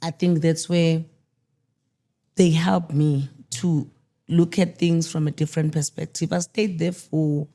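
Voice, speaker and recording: Woman, low, mellow voice; grieving mother in interview, candid and halting. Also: fairly even intonation. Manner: candid, halting, with restarts and quoted dialogue. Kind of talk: emotional personal storytelling.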